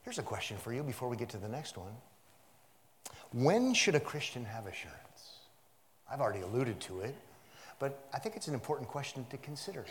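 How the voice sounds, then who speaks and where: A man preaching an expository sermon, swinging from hushed asides to loud emphatic repetition and rhetorical questions. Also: medium pitch, sing-song, fairly quick, slight background noise. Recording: long hall reverb.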